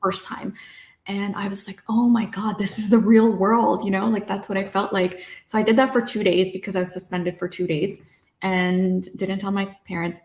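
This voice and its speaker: A young woman from Canada, a guest telling her life story in a lively way, acting out herself and her parents as she goes. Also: medium pitch, moderate pace, reverberant. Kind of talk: personal storytelling.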